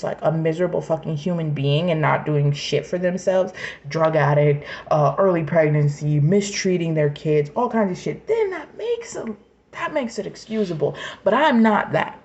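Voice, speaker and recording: A vlogger in her twenties vents in an emotional personal rant, angry, raw and profane, sometimes dropping to a whisper. Her voice is lowish and darkish in tone, and the recording sounds muffled.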